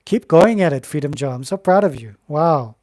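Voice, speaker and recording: A man gives live tarot readings in a gentle, uplifting, spiritual tone, often pausing and restarting his sentences. His voice sits a bit high for a man. The sound is dry and close, with no room echo. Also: lively intonation. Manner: gentle, encouraging, spiritual, with many fillers and restarts. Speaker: tarot reader hosting a live stream.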